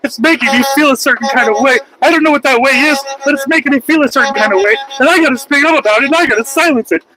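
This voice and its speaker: A man's voice: extremely high pitch, racing, pitched above the performer's own voice, low-quality recording. A man putting on the voice of a whiny, easily offended woman, in a mocking, complaining tone.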